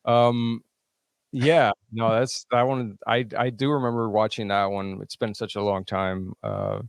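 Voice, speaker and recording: A man co-hosting a podcast in casual chat, talking haltingly with many restarts and short agreements. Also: lowish voice, little pitch movement, smooth, no room sound. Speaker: podcast co-host.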